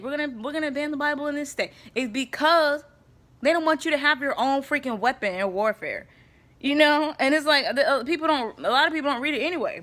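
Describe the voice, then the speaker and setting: A woman's voice: a little high, a bit bright. A woman giving a casual faith talk to camera, chatty and emphatic, often checking in with her listeners. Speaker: vlogger.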